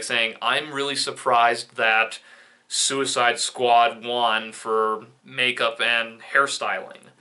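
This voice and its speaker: Bright-voiced opinionated young man reviewing films. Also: medium pitch. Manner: opinionated, sarcastic asides. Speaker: film reviewer. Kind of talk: casual video commentary.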